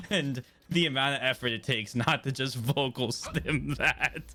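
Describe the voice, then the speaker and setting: Bright-voiced, laughing male streamer. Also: mid-range voice, a little hiss or hum. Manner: laughs often, swears, playful and talkative. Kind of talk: casual live-stream chat while gaming.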